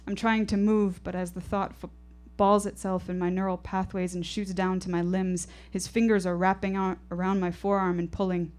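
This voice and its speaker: Woman storyteller, lowish voice, intense and rhythmic, live stage telling. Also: flat delivery, normal speed, few pauses, darkish tone. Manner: intense, poetic, rhythmic delivery. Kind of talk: live first-person storytelling performance.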